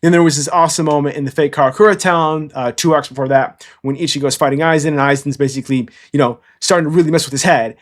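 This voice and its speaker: A man's voice: a little high, steady tone, quick pace, few pauses. Blunt, rambling man ranking anime dads. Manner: rambling, blunt and profane, peppered with "okay?". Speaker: anime commentator. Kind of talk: casual tier-list commentary.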